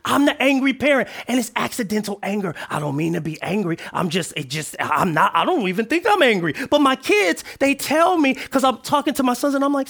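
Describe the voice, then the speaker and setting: A man preaching a sermon as pastor, animated and playful, swinging from hushed asides to shouted lines. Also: very high voice, fairly quick, creaky, few pauses.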